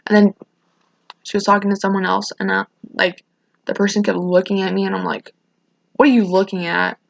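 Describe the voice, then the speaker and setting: Rambling teen girl with a gravelly voice. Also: mid-range voice, level tone, a little fast. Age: teens. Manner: rambling, restarting, emotional. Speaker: vlogger. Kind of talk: casual storytime rant. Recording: dull lo-fi sound.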